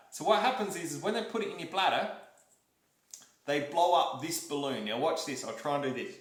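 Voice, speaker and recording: A young Australian man vlogging, telling a story to camera in a lively, repetitive way and acting out what people said. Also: mid-range voice, fairly quick. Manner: animated, repeats himself, acts out quotes and demonstrations. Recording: roomy echo.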